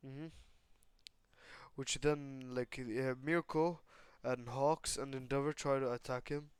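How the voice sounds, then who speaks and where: Rambling young man, smooth and dry. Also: medium pitch, steady tone, takes it slowly, dry recording. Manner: rambling, filler-heavy, swears casually. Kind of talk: casual chat, retelling a made-up story.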